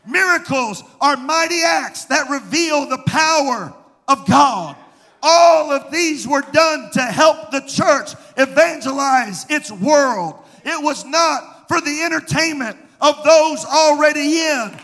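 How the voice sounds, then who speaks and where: A male pastor preaching a fast, fervent Pentecostal sermon, often shouting scripture. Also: very high-pitched, expressive. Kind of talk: Pentecostal camp-meeting sermon. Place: church hall. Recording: large hall with long reverb, faint crowd.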